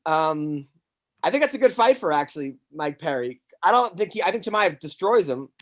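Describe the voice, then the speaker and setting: A stand-up comic hosting a podcast spins a long, rambling story in casual conversation, animated and profane, frequently stammering and starting sentences over. His pitch is fairly high and his pace moderate.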